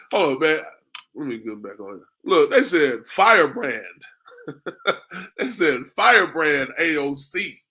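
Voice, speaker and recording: With a fairly high, bright and forceful voice, this man delivers a street-preaching class lecture as if preaching. Rhetorical questions come one after another, "man" is his constant form of address, and he chuckles often as he talks.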